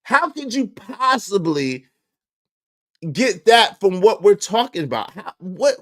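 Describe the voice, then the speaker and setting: Exasperated high-voiced man ranting. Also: very animated, slow pace, fairly bright tone. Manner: exasperated, mocks critics in put-on voices; repeats phrases for emphasis, laughs between lines. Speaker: commentary channel host. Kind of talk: ranting commentary to a live chat.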